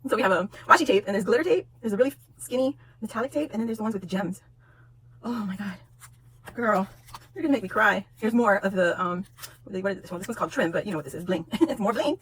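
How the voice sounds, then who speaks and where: A woman in her forties from Guam, hosting a casual unboxing vlog at home, gushing, laughing often and close to tears with excitement. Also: medium pitch, fast talker, slight background noise. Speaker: YouTube host.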